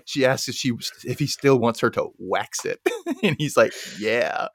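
Animated man recapping a film. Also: mid-range voice, slow pace, husky, no room sound. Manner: animated, laughs often, acts out quotes. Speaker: podcast host recapping a film. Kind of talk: casual chat.

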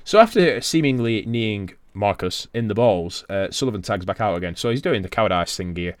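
Male podcast co-host, low-pitched and dry-miked, casual sweary play-by-play recap. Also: lively intonation, fairly quick, clear, resonant tone, dry recording. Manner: recaps from notes, sweary and laid-back. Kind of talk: casual wrestling recap chat.

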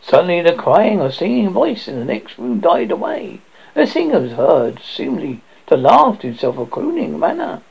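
Brief: horror host narrator, raspy and gravelly, lively pitch swings, muffled lo-fi sound. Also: male voice. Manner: halting, stumbling over words. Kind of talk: reading a ghost story aloud. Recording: dull lo-fi recording.

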